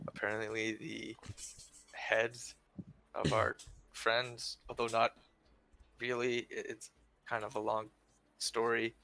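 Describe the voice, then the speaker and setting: A man's voice: mid-range voice, monotone, takes it slowly, creaky, pauses often, bright, forceful tone, low-quality recording. A man playing a tabletop game who chats loosely and laughs often. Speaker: player.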